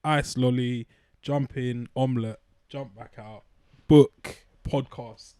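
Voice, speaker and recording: A man's voice: mid-range voice, steady tone, slow pace, mellow, smooth, dry recording. Laid-back teasing man. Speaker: podcast co-host. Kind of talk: casual chat.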